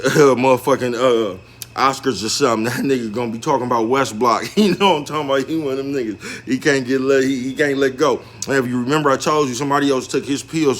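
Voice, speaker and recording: A man's voice: mid-range voice, a bit bright. Laughing man. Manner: slangy, laughs through his words. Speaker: storyteller. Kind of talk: casual street storytelling.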